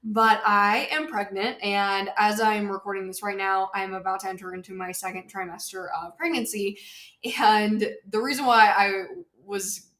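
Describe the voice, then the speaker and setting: A woman hosts a casual solo podcast in her home office, speaking at a moderate pace with fairly even intonation. Her mid-range voice is fairly bright and reverberant, and she sounds slightly out of breath, repeating herself to stress key points.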